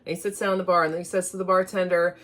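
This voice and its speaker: A woman's voice: lowish voice, flat delivery, very fast, a bit bright. A woman chatting casually as she talks viewers through baking in her home kitchen, step by step. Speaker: home cook and channel host. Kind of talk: casual cooking demo.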